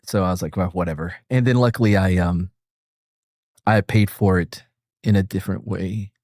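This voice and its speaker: A deep-voiced man talks at a moderate pace with a darkish tone, recorded cleanly in a studio without room sound. On his stream he reacts to a video alongside friends, rambling casually, making jokes, and often chuckling.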